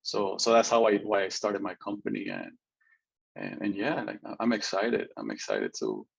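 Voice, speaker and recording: A man's voice: lowish voice, sing-song, normal speed, gravelly, slightly rough, muffled recording. A man telling his personal story as an interview guest, earnest and chatty, often adding "right?" and laughing a little.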